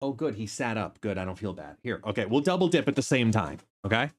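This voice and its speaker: A man's voice: on the low side, animated, fast. A man streaming a game live, sleepy and yawning, chatting casually with viewers by name and talking to his dog.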